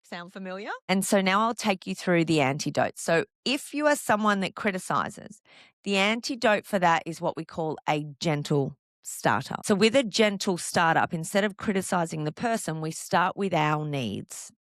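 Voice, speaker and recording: A woman hosting a podcast on couples' relationships, calmly explaining and asking the listener one rhetorical question after another. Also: on the low side, moderate pace, dry recording, clean studio sound. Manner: calm, explanatory, reassuring. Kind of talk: solo podcast monologue.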